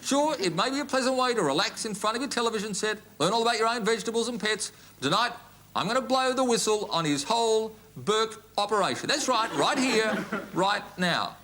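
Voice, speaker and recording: An Australian actor playing a pompous, self-righteous middle-aged TV current-affairs host in a comedy sketch, ranting and repeating himself indignantly. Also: male voice, high-pitched, animated, fairly quick, sharp tone. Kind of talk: sketch comedy parody monologue.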